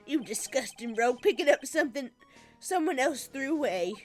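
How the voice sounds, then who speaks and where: A woman's voice: sits high, animated, moderate pace, soft background music, pitched above the performer's own voice. A woman voicing a grouchy old man who scolds and grumbles, in a game dialogue read aloud. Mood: indignant. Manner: cranky, scolding and gruff.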